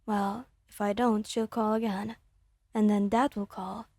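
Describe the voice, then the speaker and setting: A woman's voice: mid-range voice, level tone, measured pace, no echo, studio quality, natural voice. Woman playing a weary young adult. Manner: soft, weary, muttered. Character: tired young adult child of overbearing parents. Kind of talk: whispered role-play.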